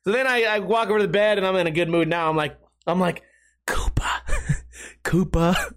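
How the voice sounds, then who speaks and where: A man's voice: high-pitched, fast talker, a bit bright, clear, resonant tone. A man chatting casually on a stream, telling rambling stories full of swearing and giggles. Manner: profane, giggly storytelling.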